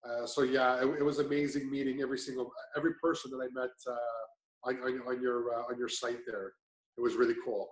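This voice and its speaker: A man's voice: mid-range voice, flat delivery, a little fast, reverberant, poor audio. A man giving a casual testimonial about his progress, talking in a rambling way with many restarts and fillers.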